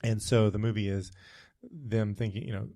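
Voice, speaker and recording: A man's voice: fairly low pitch, normal speed, creaky, mellow, no room sound, clean studio sound. A man co-hosting a casual podcast, telling a long story with frequent tangents and fillers. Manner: rambling, goes off on tangents, many fillers. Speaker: podcast co-host.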